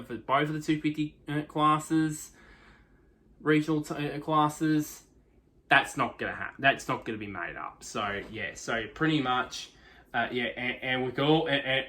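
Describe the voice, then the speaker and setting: A man's voice: medium pitch, sharp tone. A man giving a casual motorsport race review in a rambling way, with constant restarts and fillers.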